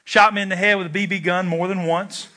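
This pastor has a high, brisk voice as he preaches a sermon, recounting a personal story and acting out its lines. He's an animated storyteller who shouts the quoted lines.

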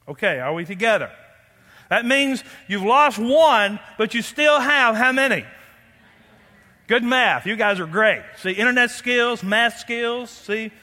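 A man preaching a sermon as pastor, animated and playful, quizzing the congregation. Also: extremely high pitch. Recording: long hall reverb.

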